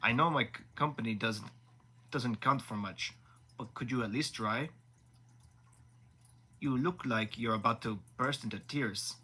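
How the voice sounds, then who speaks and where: A man's voice: medium pitch, a little slow, pauses often, pushed and bright, slightly rough. A man voicing a charming young prince with a dry, teasing manner in a live audiobook reading. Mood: wry.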